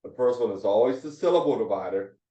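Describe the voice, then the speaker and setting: A man teaching a Hebrew phonics lesson, slowly repeating and drilling each syllable. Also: mid-range voice, animated, dark tone. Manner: slow, repetitive drilling of syllables. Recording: roomy, distant, dull lo-fi sound.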